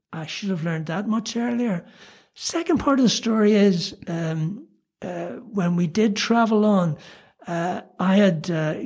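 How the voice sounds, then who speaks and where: Older man, Belfast accent, rambling comic storyteller, slightly husky voice. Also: sits high. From Northern Ireland. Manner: animated, self-mocking anecdotes with many fillers. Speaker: guest storyteller. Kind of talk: casual storytelling.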